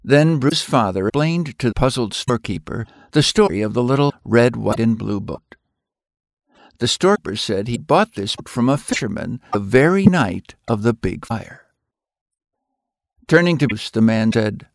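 A man's voice: mid-range voice, normal speed, gravelly, no echo, clean studio sound. A man reading a Christian story aloud expressively, acting out the characters and ending with a moral. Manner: expressive, acts out voices.

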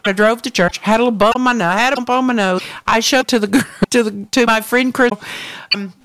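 Woman co-host, animated testimony storyteller, dry close sound. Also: on the high side, quick pace, no room sound. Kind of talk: faith talk chat, storytelling.

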